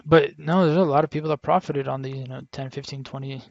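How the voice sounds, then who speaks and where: A young man with a gravelly, creaky voice recaps a trade in casual, rambling commentary. He keeps restarting and quotes his own thoughts. The recording sounds dull and lo-fi, dry and close. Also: mid-range voice, steady tone, fast talker, darkish tone, no room sound. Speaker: day trader vlogger. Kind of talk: casual screen-share commentary.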